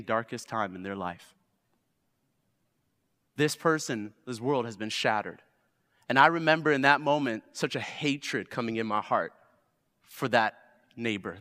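A man in his thirties preaching a sermon, swinging from loud exhortation to hushed storytelling. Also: mid-range voice. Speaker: pastor. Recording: long reverb of a large hall.

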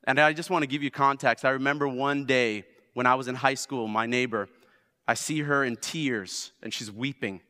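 A man in his thirties preaching a sermon, swinging from loud exhortation to hushed storytelling. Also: medium pitch, steady tone, normal speed. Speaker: pastor. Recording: long reverb of a large hall.

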